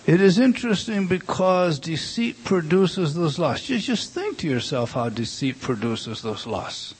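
A man preaching a sermon, emphatic and repetitive, swinging from hushed asides to loud declarations. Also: fairly high pitch, very animated, unhurried, husky.

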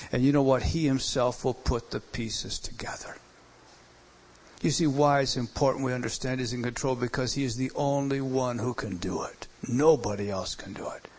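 A male pastor delivers a sermon in a mid-range voice. He leans hard on key words, then drops to a near hush to drive a point home. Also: mid-range voice. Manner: emphatic preaching, swings between loud and soft.

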